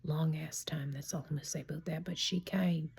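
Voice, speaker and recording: A middle-aged woman telling a true story in a chatty, rambling way, often dropping into a hushed whisper. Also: low voice, fairly even intonation, brisk, creaky, breathy edge. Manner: chatty and digressive. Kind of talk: casual spoken storytime.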